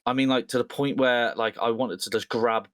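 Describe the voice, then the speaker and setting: A man's voice: medium pitch, fairly even intonation, normal speed, a crowd in the background. A young man chatting casually on a podcast, telling stories animatedly, acting out the quotes and swearing a lot. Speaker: podcast co-host. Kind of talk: casual chat.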